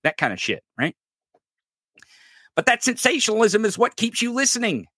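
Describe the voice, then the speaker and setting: A man's voice: sits high, normal speed, husky, dry recording, studio quality. A man hosting a political podcast, ranting casually with lots of profanity, rambling and stumbling over his words. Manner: profane, rambling, animated, laughs and stumbles often. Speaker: podcast host.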